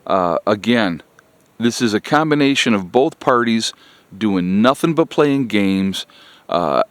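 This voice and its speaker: Repeating himself and addressing viewers as "folks," this political vlogger delivers a blunt, exasperated rant. His mid-range voice sounds clean, with no echo.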